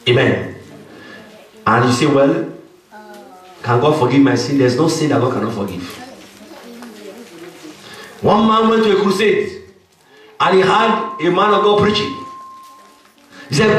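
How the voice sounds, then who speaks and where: A man preaches with a high, emphatic voice, dropping "Amen" between his points. He sounds distant from the microphone. The hall around him rings with heavy echo. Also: expressive, moderate pace, long pauses, a bit bright. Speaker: pastor. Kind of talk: sermon.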